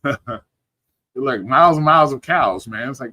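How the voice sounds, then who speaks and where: A laid-back man rambles through casual stream chat, cursing freely and sounding sleepy. His voice sits at an ordinary pitch and comes across dry and close, with no room sound around it. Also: expressive, moderate pace, bright, forceful tone, no echo. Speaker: livestream host. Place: at home.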